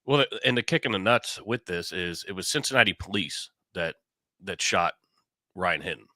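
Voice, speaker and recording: A man co-hosting a podcast in casual talk, blunt and quick to swear. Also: sits low, lively intonation, sharp tone, no room sound. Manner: blunt, agreeing, swears freely. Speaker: podcast co-host. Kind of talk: casual opinion chat.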